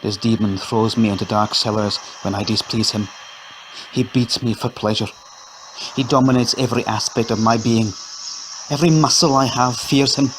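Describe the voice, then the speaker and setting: A man reading an audio story, voicing a downtrodden, haunted wife who speaks in a measured, grave and despairing way. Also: on the low side, level tone, background noise, natural voice. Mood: bitter, despairing.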